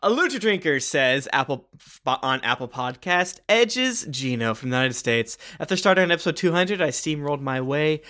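A man co-hosting a casual podcast, reading listener reviews aloud with quick, offhand asides. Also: fairly high pitch, expressive, bright, forceful tone. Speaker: podcast co-host.

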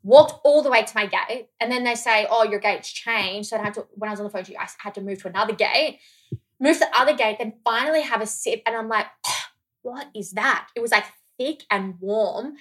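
A woman from Australia chatting casually as a podcast co-host, telling stories in an animated way, swearing freely and acting out what people said. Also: fairly high pitch, fast, husky. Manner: animated, swears freely, acts out quoted dialogue. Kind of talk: casual chat, storytelling.

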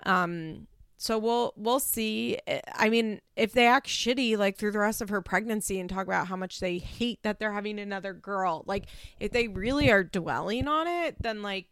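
A woman's voice: medium pitch, normal speed, a bit bright, smooth, no room sound. A woman giving her casual opinions on a reality show, talking frankly with lots of fillers and restarts. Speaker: reality TV commentator.

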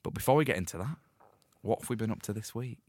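A man hosting a podcast, talking in a jokey, animated way. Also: lowish voice, fast talker, no echo, studio quality. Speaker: podcast host. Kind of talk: casual chat, show intro. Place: studio.

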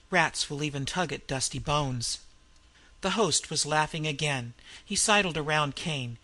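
A man narrating a dark adventure story with expressive reading. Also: a little high.

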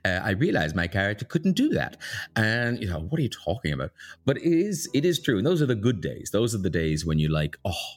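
A middle-aged man from Ireland, talking as a guest in a relaxed interview. His voice sits low and deep, then swings widely when he tells a story. He is chatty and pokes fun at himself. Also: brisk. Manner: chatty, self-mocking, animated with big pitch jumps. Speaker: guest, author and TV presenter. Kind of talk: casual interview chat.

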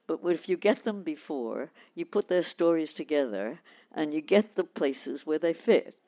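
Man, panel guest, measured explaining, slightly high voice. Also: lively intonation, a little mellow. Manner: measured, restarts phrases, acts out quotes.

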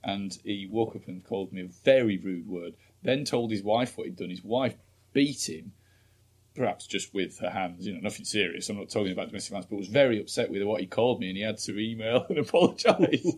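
A man's voice: lowish voice, brisk, slightly rough. A man co-hosting a podcast, joking and rambling through casual political chat. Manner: jokey, rambling, full of restarts. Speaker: podcast co-host.

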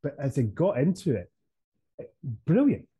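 A man's voice: on the high side, huge pitch swings, moderate pace, warm tone, slightly rough, no room sound. A man co-hosting a podcast, chatting casually and praising things with enthusiasm. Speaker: podcast co-host. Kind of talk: casual chat.

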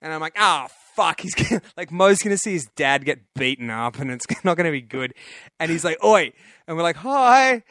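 A man's voice: fairly high pitch, fast talker, no echo, clean studio sound. A man, co-hosting a casual comedy chat and telling stories with a lot of laughter. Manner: animated storytelling, laughing often. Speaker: podcast co-host.

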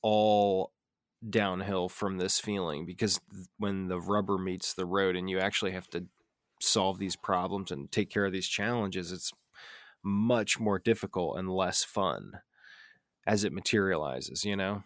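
A man's voice: deep voice, steady tone, a little slow, no room sound, clean studio sound. A man co-hosting a podcast, talking in an easygoing, earnest way, often saying "dude" and "you know". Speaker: podcast co-host. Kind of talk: casual chat.

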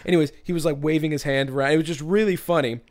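A man's voice: a little high, steady tone, rapid-fire, a little mellow. A man on a podcast telling a story in casual chat, rambling with many restarts and bursts of laughter.

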